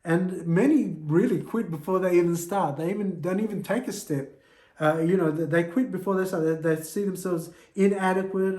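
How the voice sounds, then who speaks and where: A man's voice: high-pitched, moderate pace, warm tone. Earnest man preaching in an echoey church. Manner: earnest, exhorting. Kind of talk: sermon.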